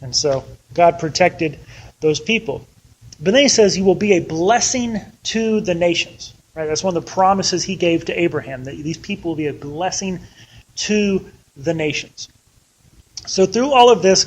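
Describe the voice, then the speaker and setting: Husky high-voiced man teaching Bible study. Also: rough recording. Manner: conversational, acts out quoted people.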